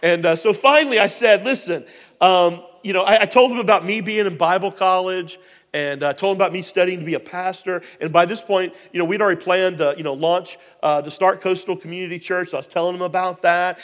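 A man preaching, telling a personal story in a rambling, animated way with many fillers. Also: sits high, a little fast, big-room sound. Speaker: pastor. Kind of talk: storytelling sermon.

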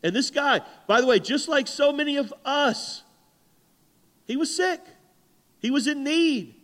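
High-voiced preaching pastor in a reverberant hall. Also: male voice, measured pace. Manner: animated preaching, acts out quoted voices. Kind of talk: sermon.

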